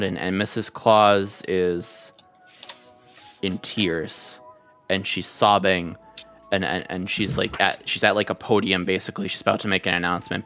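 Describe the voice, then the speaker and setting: A man's voice: sits low, a bit bright. A man narrating a tabletop game as game master in a loose, chatty way.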